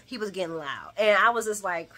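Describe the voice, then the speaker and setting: A woman hosting a daily soap opera recap, talking straight to her viewers in an animated, opinionated way. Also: mid-range voice, fairly quick. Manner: animated and opinionated, talks to viewers as guys and y'all, acts out retorts. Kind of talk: casual chat, daily show recap.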